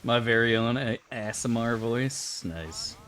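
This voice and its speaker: A man's voice: mid-range voice, a little slow, fairly bright tone, slight background noise. A man casually commenting on his gameplay for viewers, joking and crude. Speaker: streamer.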